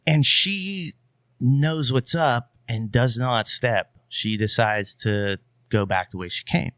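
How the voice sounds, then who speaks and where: A man's voice: medium pitch, slow pace, no room sound, clean studio sound. A young adult man, a podcast guest, telling a long rambling story in casual talk with plenty of fillers. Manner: rambling, animated, many fillers.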